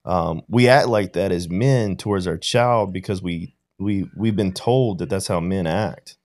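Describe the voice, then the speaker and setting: A man's voice: sits low, a little slow, a little mellow. A man in casual podcast conversation, telling a reflective story and often checking in with "right?". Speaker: podcast guest or co-host.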